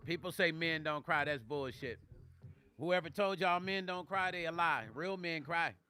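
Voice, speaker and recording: Grieving male livestream host, slightly high, bright voice, soft music behind, heartfelt. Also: moderate pace. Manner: tearful, heartfelt, reads chat comments aloud. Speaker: livestream vlogger reading viewer comments. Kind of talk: emotional livestream talk.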